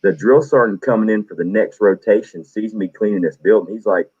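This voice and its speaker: A man hosting a stream, casually telling animated stories and acting out the people he quotes. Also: fairly low pitch, fairly quick, breathy edge, lo-fi sound. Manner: animated, acts out quoted voices. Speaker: stream host. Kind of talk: casual storytelling.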